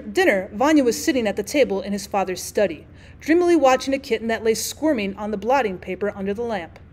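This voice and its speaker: A woman teacher reading a classic short story aloud, expressive, with an occasional stray filler word. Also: fairly high pitch. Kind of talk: audiobook narration of a classic story.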